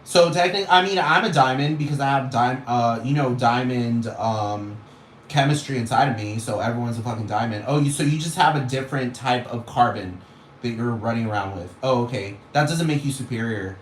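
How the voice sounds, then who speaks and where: A man's voice: mid-range voice, a little fast. A man in a rambling, profane rant, scoffing and exasperated, with constant swearing. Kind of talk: profane ranting monologue. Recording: echoey room with faint noise.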